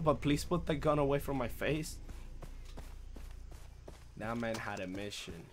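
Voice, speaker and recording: A young man streaming a shooter game live, swearing and trash-talking through casual commentary with sudden loud outbursts. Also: mid-range voice, expressive, measured pace, pauses often, a little hiss or hum. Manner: profane, loud, reacts with outbursts and trash talk. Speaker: gaming streamer.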